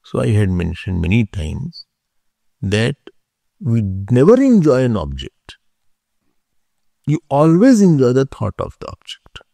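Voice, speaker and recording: A man teaching a philosophy class, explaining slowly, repeating key terms and checking whether his listeners follow. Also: mid-range voice, huge pitch swings, creaky, dark tone, dry recording. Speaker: spiritual teacher.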